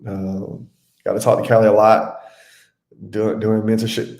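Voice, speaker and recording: A man's voice: fairly low pitch, little pitch movement, unhurried, darkish tone. A man hosting a live webinar as a mentor, chatting casually with viewers and calling them by name. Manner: chatty, addresses viewers by name, says y'all. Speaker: webinar host and adjusting mentor. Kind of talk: casual live-stream teaching. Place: home room. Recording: roomy live-stream audio.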